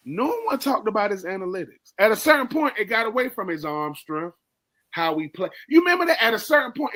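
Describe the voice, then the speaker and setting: His voice sits high, bright and forceful as he co-hosts a sports radio show. He speaks straight to his co-host, hammering his analysis home by repeating words.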